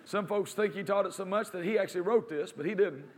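A man with a high voice preaches to a congregation. He quotes scripture and answers his own questions. His emphasis builds as he goes. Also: quick pace. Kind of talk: sermon.

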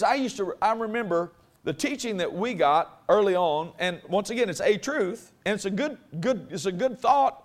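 A man preaching a sermon to a congregation in a folksy, conversational way that builds in force. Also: high-pitched. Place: church before a congregation.

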